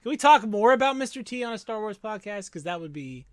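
A man talking casually on a podcast, animated and quick with asides. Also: high-pitched, no room sound. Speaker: podcast co-host. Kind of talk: casual chat.

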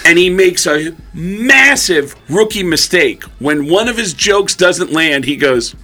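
A man, a comedian guest on a radio show, telling an animated story and acting out the dialogue in a studio. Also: high voice, takes it slowly, faint music behind.

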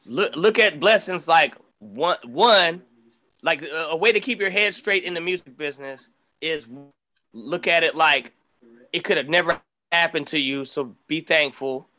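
A middle-aged man from the Bay Area talks as a podcast guest, winding through a story with restarts and swearing. His voice sits high for a man. It has a bright, forward edge. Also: measured pace. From San Francisco Bay Area. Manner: animated, profane storyteller, many restarts. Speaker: guest rapper. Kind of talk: casual storytelling chat.

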